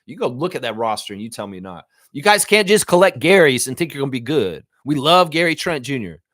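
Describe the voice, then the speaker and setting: A man hosting a live sports fan stream who rants about basketball in an animated, profane way. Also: medium pitch, brisk, no room sound, clean studio sound.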